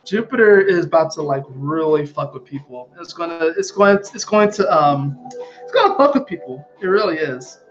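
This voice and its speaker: A man talking casually to his viewers about astrology in an animated, emphatic way, often swearing. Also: on the high side, normal speed, lo-fi sound, faint music behind. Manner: animated, emphatic, frequently profane. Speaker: astrology vlogger. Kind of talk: casual spiritual chat to viewers.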